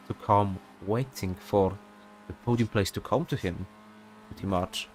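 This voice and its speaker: Casual, rambling sim racing commentator. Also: male voice, on the low side, big pitch swings, normal speed, faint music behind. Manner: casual, rambling, many fillers and asides. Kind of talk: live race commentary.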